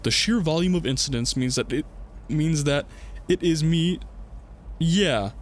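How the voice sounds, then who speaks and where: A man's voice: fairly high pitch, a little slow. A young man streaming a horror game, reading in-game notes aloud and joking casually into a desk mic. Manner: reads in-game notes aloud, jokey, laughs. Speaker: gaming streamer. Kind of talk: casual let's-play commentary.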